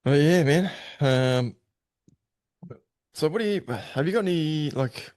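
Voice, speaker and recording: A man's voice: on the high side, a little slow, darkish tone. A middle-aged Australian man hosting a podcast in casual chat, blunt and swearing freely. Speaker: podcast host.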